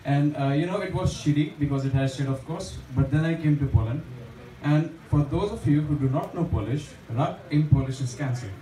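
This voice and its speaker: A man's voice: on the high side, a little fast, dark tone. Young man doing chatty stand-up. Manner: chatty, self-deprecating, lots of fillers. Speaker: stand-up comedian. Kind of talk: open mic stand-up. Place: small bar stage with a live audience. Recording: echoey bar room, distant mic, audience laughter.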